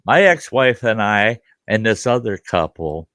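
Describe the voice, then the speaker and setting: A man's voice: on the low side, big pitch swings, unhurried, a bit bright, no echo, studio quality. A man hosting a casual chat, telling a joke story and acting out the voices of the people in it. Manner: joking storyteller, acts out voices in his tale. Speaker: host.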